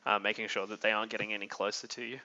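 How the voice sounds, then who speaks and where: A man running a tabletop game as game master, his voice fairly low but bright and forward. He describes the scene haltingly, stopping often to think. The audio is dull and lo-fi, like voice chat. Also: flat delivery.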